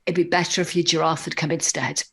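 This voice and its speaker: A woman's voice: low-pitched, steady tone, quick pace, gravelly, a bit bright. A woman voicing an earnest young schoolboy who reads out a thank-you speech very seriously. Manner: serious, reading from a written script.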